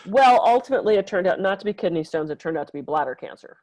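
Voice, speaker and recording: A woman massage therapist co-hosting a podcast, telling client stories in a casual, animated way and acting out the quotes. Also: fast talker, dry recording, poor audio. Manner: animated, acts out quotes with big pitch jumps, laughs often. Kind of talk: casual storytelling.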